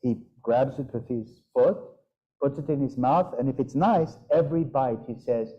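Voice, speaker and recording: Man, group leader, casual chat, animated, imitates animal sounds, dull lo-fi audio. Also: mid-range voice, normal speed.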